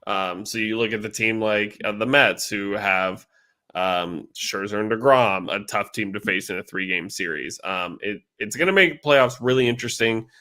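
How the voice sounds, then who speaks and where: A man with a low, bright, forceful voice hosts a casual sports podcast. He rambles chattily, filling gaps with frequent ums. His tone stays loose and conversational. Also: normal speed. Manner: chatty, rambling, lots of fillers. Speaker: podcast host.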